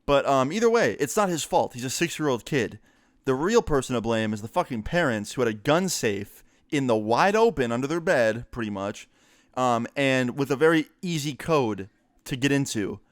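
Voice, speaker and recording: Smooth-voiced man telling a casual story. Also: medium pitch, moderate pace, no echo, clean studio sound. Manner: relaxed, chatty, swears, many fillers. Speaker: storyteller vlogger.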